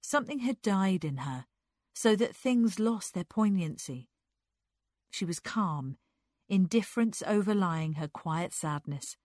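A woman narrating a literary story aloud in an unhurried, expressive reading. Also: mid-range voice, no echo, clean studio sound.

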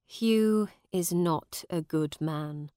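A woman doing a gentle kind soldier. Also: on the low side, drawn-out words, clear, resonant tone, no echo, studio quality. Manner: gentle, plain-spoken.

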